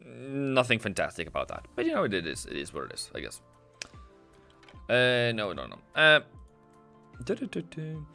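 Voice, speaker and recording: Bright, crisp-voiced man chatting about markets. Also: mid-range voice, huge pitch swings, normal speed. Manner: rambling, thinks aloud while charting, reads chat. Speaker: forex trading livestream host. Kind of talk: casual live market commentary. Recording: dry close sound with faint music. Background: faint background music.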